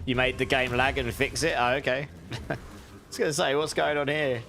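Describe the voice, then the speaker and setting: A man's voice: mid-range voice, fairly even intonation, normal speed, vocal fry, sharp tone, a little hiss or hum. A British man streaming and chatting casually with viewers, in a rambling, friendly way with frequent restarts. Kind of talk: casual livestream chat.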